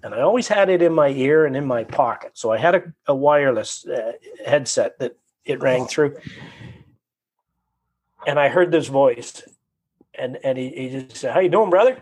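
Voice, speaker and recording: Husky man telling a story. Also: medium pitch, normal speed. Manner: animated, acts out his own inner voice. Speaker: guest telling his story. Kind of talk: conversational storytelling.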